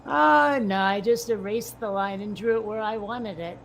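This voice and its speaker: A woman's voice: mid-range voice, steady tone, normal speed, darkish tone, a little hiss or hum. Woman with dry teasing comebacks. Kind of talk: casual chat.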